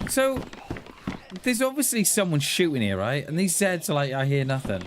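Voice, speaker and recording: A man's voice: sits high, huge pitch swings, moderate pace. A man chatting and joking while streaming a survival game. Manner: chatty, jokey, laughs often. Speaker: gaming streamer. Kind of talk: live gameplay commentary. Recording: noisy game audio behind.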